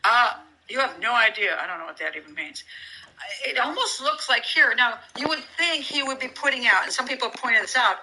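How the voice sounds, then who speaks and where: A true crime commentator offers casual commentary on a criminal case, reading from documents and thinking aloud with many restarts. She sounds incredulous and sarcastic. Her voice is a little high, expressive, and bright, with a brisk pace and forceful tone, in a rough recording.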